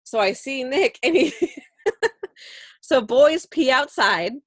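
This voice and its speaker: A woman co-hosting a casual podcast chat, telling an animated story full of laughter. Her pitch sits a little high and swings widely. The sound is very dry and close. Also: takes it slowly, no room sound. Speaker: podcast co-host.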